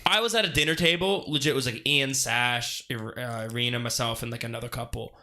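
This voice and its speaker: A man's voice: mid-range voice, fairly quick, bright, forceful tone. A young man co-hosting a casual podcast chat, laughing often and swearing casually. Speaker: podcast co-host.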